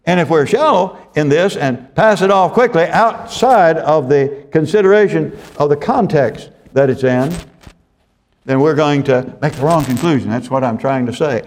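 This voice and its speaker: A man with a fairly high-pitched voice preaching a sermon. He reads scripture passages with emphasis and breaks them down verse by verse. Along the way he keeps checking with "you see?" and corrects himself mid-sentence. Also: animated, normal speed. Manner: frequent tag questions and self-corrections. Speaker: pastor.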